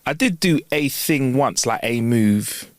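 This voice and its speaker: Lively man. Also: mid-range voice, unhurried, no room sound, studio quality. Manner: animated storytelling, bursts of laughter. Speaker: podcast co-host. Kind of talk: casual podcast chat.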